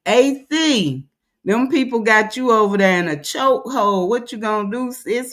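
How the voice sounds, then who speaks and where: A woman's voice: medium pitch, moderate pace, fairly bright tone. A woman running a casual livestream, loose and chatty. She calls out viewers' names in a raised sing-song tone. In between she talks bluntly and rambles, with plenty of filler words. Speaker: livestream host.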